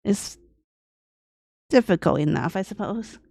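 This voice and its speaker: A woman artist thinking aloud as she draws on a livestream, talking in a deliberately aged, grandma-like voice in short, broken phrases. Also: mid-range voice, expressive, gravelly, mellow, no room sound, studio quality. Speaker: artist streaming her drawing process. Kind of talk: casual livestream commentary while drawing.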